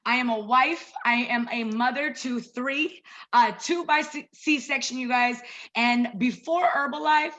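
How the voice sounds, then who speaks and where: A woman in her thirties with a high, bright voice, talking to a group on a video call. She is chatty and personal and keeps calling her listeners "you guys." The sound is a bit dull and lo-fi. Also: unhurried. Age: 30s. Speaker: wellness coach presenting to a group. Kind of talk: casual online presentation.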